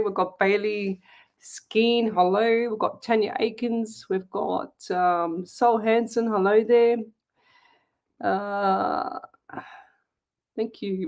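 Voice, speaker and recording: A woman's voice: medium pitch, darkish tone. A middle-aged Australian woman, a psychic medium hosting a live stream, chatting casually, laughing easily and greeting viewers by name.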